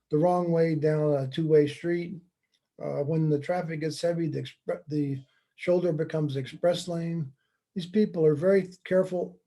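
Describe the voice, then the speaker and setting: A man delivers a relaxed slide lecture, mixing points with deadpan humor. His voice sits a little high for a man yet sounds deeply mellow and dark in tone. He keeps a chatty, wry manner throughout. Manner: conversational, wry, telling jokes with deadpan asides. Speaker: speaker giving a talk. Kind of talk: presentation lecture with slides and jokes.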